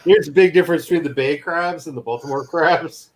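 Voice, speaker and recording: A man's voice: a little high, fairly quick, a little hiss or hum. A man in casual chat, teasing his friends and telling long, rambling stories. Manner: teasing, rambling anecdotal storyteller.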